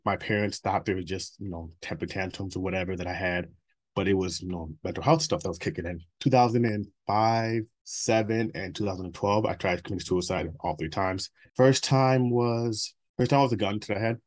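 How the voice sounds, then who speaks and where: In a deep, steady voice and at a fairly quick pace, a man in his thirties gives a candid personal interview. He talks bluntly and profanely about his past, with laughs between stories.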